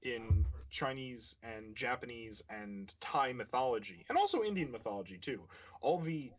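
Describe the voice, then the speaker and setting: A man's voice: medium pitch, poor audio. A male guest in a casual chat, talking in an enthusiastic, discursive way.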